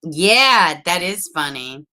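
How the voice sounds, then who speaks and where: A woman hosting a casual livestream, chatty and excitable, reading chat and laughing often. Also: lowish voice, takes it slowly.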